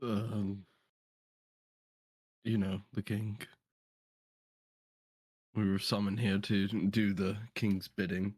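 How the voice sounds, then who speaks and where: Man player, low-ish and slow, unsure replies, dry close sound. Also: level tone, breathy edge, dry recording. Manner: hesitant, quiet.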